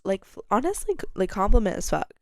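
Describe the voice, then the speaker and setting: Telling a story on her podcast, a young adult woman talks fast in a candid, chatty style full of fillers like "like" and plenty of swearing. She gets animated when quoting people, her pitch and loudness jumping sharply. The recording is dry and studio quality.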